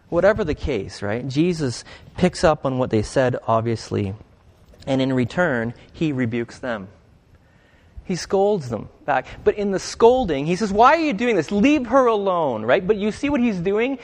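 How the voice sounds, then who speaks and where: A man preaches in a relaxed, conversational way and keeps drawing his listeners in with questions. His voice sits a little high for a man. The sound carries a long reverb tail from a large church space. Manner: conversational, asks the congregation questions. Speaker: pastor. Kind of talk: interactive sermon.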